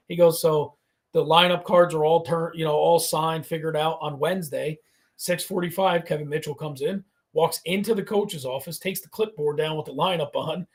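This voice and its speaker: A man hosting a casual podcast, his voice gravelly with a raised pitch. He spins stories with animated energy, acting out quotes and swearing freely. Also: a little fast. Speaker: podcast host.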